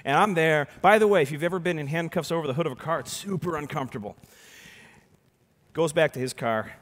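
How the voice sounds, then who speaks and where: A man, an animated storyteller giving a keynote talk, swinging from hushed to loud as he acts out the voices. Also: fairly high pitch, fast. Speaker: keynote speaker and magician. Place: large conference hall. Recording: reverberant conference hall.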